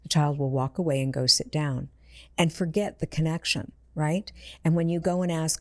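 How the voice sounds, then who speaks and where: A woman's voice: low voice, steady tone, fairly quick, no echo, studio quality. A woman, an intuitive medium, telling personal stories in a conversation and acting out the voices of the people in them. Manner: earnest, acts out quoted voices in her stories. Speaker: intuitive medium, podcast guest.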